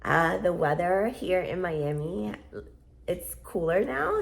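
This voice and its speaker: A woman with a low, gravelly voice talks through a casual vlog update. Her pitch swings widely as she rambles in a chatty, playful way and laughs easily. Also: animated, slow pace. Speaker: vlogger.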